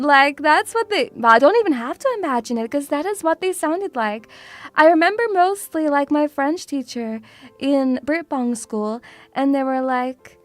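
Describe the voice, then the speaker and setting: A woman's voice: high-pitched, expressive, a little slow, a bit bright, no echo, faint music behind. A young woman from Russia streaming as a VTuber, chatting casually in a playful, teasing way and calling her viewers sweeties.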